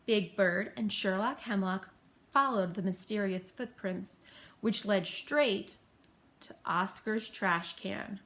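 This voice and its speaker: A woman reading a children's storybook aloud in a gentle, steady manner. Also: medium pitch, slow.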